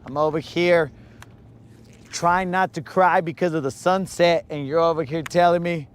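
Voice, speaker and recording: A man's voice: fairly high pitch, steady tone, normal speed, smooth. A man hosting a live fishing vlog outdoors on a lake, with playful, hyped banter full of Spanish slang. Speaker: angler, channel host.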